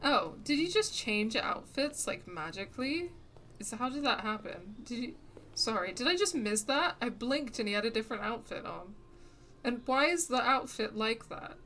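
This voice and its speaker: A woman's voice: fairly high pitch, animated, normal speed, sharp tone, slight background noise. A woman casually commenting as she plays a video game, chatty and prone to giggling, joking with her chat. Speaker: game streamer. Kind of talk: casual let's-play commentary.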